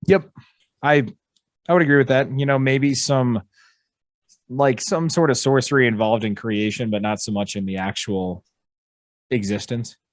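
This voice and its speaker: A man co-hosting a podcast in casual chat, excitable with quick interjections. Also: medium pitch, no room sound, clean studio sound. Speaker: co-host.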